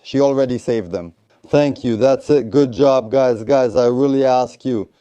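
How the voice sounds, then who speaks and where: A man's voice: mid-range voice, mellow, smooth, no echo. Man, tactical medicine instructor, hands-on drill coaching, repetitive encouragement, dry close sound. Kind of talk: hands-on first aid training instruction.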